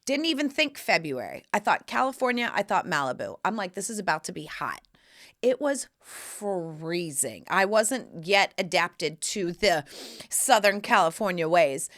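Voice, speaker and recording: A woman in her forties hosting a podcast, telling stories in a lively, casual chat full of fillers. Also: lowish voice, unhurried. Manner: animated, chatty storytelling with lots of fillers. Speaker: podcast host. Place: room of a home studio.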